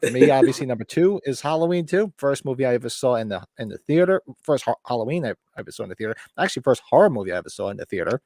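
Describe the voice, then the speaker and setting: A man's voice: mid-range voice, rapid-fire, few pauses, no echo. Man in his fifties chatting, dry sound. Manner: relaxed, rambling, restarts sentences. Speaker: podcast host. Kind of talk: casual chat.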